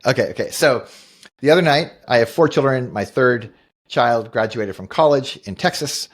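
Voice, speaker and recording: A man's voice: mid-range voice, lively intonation, normal speed. A middle-aged man co-hosting a podcast, telling a personal story in an earnest, reflective way and often restarting his sentences. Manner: earnest, thoughtful, with frequent restarts. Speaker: podcast co-host. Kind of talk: reflective storytelling in casual conversation.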